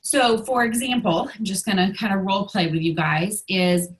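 A woman's voice: medium pitch, normal speed, rough recording. A woman coaching her sales team in a casual video, a little out of breath and talking with many ums and restarts.

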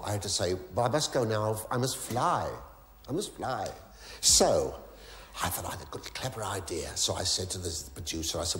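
A man's voice: mid-range voice, roomy sound. A male comedian telling a story on stage, stammering and muttering gossipy asides, then breaking into sudden shrieks and mock pleas to the audience. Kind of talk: stand-up storytelling to a live audience. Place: theatre stage. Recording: live theatre recording with audience laughter. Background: audience laughing.

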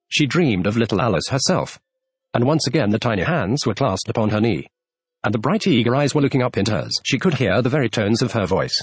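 A man reading a classic children's novel aloud as an audiobook narrator, in a measured storytelling manner. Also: medium pitch, slightly rough, dry recording. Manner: measured storytelling, shifts tone for characters.

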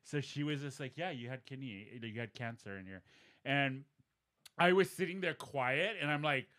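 A man's voice: medium pitch, moderate pace, pushed and bright. A man co-hosting a podcast, animatedly retelling a story and acting out the quoted dialogue in a casual chat. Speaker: podcast co-host.

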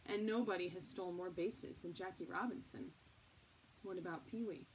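A woman's voice: lowish voice, moderate pace, close to an everyday voice. A woman voicing a spirited young boy with a folksy drawl who tells a story earnestly and with emphasis. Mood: passionate. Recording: distant mic, faint noise.

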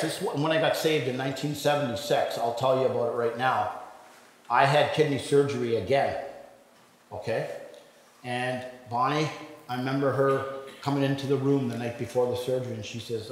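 A man's voice: medium pitch, fairly even intonation, normal speed. A man in his sixties giving a rambling, conversational personal testimony at a church men's breakfast, with many restarts and fillers. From Ontario, Canada. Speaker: guest speaker giving testimony. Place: church hall. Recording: very echoey church hall with long reverb.

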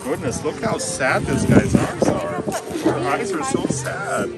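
Man cooing at dogs over loud music. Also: wildly swooping pitch, takes it slowly. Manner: coos at dogs in high baby talk, playful growls. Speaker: dog owner filming at a dog park. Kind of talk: casual narration while filming. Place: outdoor dog park.

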